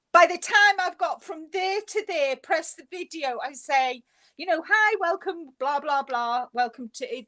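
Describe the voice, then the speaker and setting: A woman co-hosting a casual chat, telling an animated story and laughing often. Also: high-pitched. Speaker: co-host.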